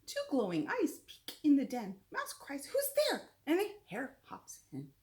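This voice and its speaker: A woman reading a children's picture book aloud, animated, and pausing to explain words to young listeners. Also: high voice. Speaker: storyteller.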